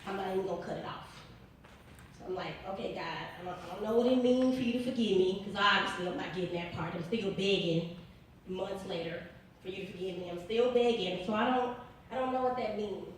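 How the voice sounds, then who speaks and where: A woman speaks earnestly and with emphasis about her own experience, circling back over the same phrases in a loose, informal way. Her voice is middle-pitched and picked up from some way off the mic. A big, ringing room echo surrounds every word. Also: fairly quick, slight background noise. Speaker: author and interview guest. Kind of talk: personal storytelling in an interview. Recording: very echoey room, distant mic.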